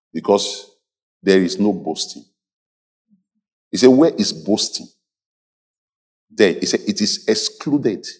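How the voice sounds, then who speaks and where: A man's voice: medium pitch, darkish tone, husky. A male pastor preaching a sermon, leading the congregation in call-and-response and mimicking church members for effect.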